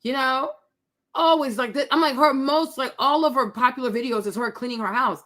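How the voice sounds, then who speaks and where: A high-voiced woman talking casually over clips she's reacting to. She is blunt and mocking, laughing often as she picks apart what she sees. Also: brisk, a bit bright. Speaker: commentator reacting to online videos.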